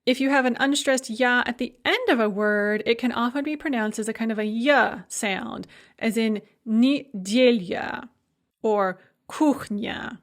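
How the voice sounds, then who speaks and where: A woman's voice: a little high, moderate pace, a bit bright. A woman giving a recorded language lecture, explaining rules step by step and modeling each example word aloud. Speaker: language instructor.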